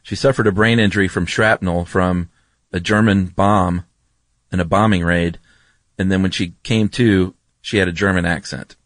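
A man co-hosting a podcast, relaxed and rambling as he explains things. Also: deep voice, moderate pace, no echo. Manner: relaxed, rambling, lots of ums and asides. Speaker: podcast co-host. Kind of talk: casual chat.

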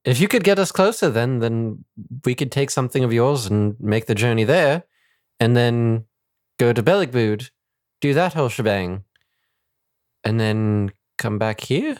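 Lively-voiced man playing a tabletop game. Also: mid-range voice, unhurried, dry recording, clean studio sound. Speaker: player.

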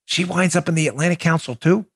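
A man's voice: on the high side, fast, vocal fry, breathy edge. A man hosting a political podcast, sarcastic and incredulous, talking back and forth with his producer. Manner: talks to his producer on air. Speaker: podcast host. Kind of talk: political commentary.

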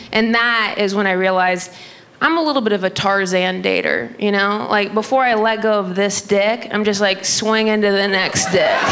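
A woman's voice: mid-range voice, fairly bright tone. A young woman performing a chatty, self-mocking stand-up routine, often laughing into her punchlines. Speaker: stand-up comedian. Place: comedy club stage. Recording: live club crowd and noise. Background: audience laughter.

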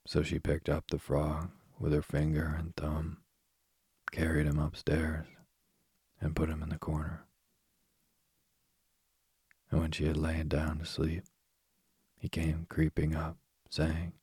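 A man reading a fairy tale aloud at a slow, even pace. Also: a bass voice, husky, no echo. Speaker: narrator. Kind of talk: storybook reading.

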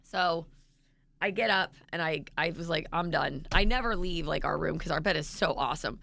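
A woman's voice: normal speed, creaky, sharp tone. A woman in her thirties co-hosting a radio show, telling a story with dramatic, acted-out quotes. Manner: dramatic, acts out quotes with big pitch jumps.

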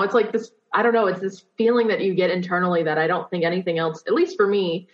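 A woman's voice: on the low side, fairly even intonation, fast, few pauses. Chatty young woman on a muffled call. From Southern California. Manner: chatty, many "like" fillers. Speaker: theater teacher. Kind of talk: casual video call chat. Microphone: video call. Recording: dull lo-fi call audio.

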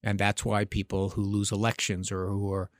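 A man's voice: on the low side, little pitch movement, normal speed, no room sound, studio quality. Emphatic man hosting an opinion podcast. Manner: emphatic, rhetorical questions. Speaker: podcast host, former congressman. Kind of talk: opinion commentary.

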